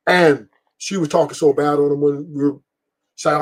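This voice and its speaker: A middle-aged man with a husky, slightly raised voice hosts a casual stream. He talks bluntly and profanely, rambles from point to point and laughs at his own stories. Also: a little high, huge pitch swings, moderate pace, long pauses, bright, forceful tone. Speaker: podcast host. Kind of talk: casual opinion talk on a live stream.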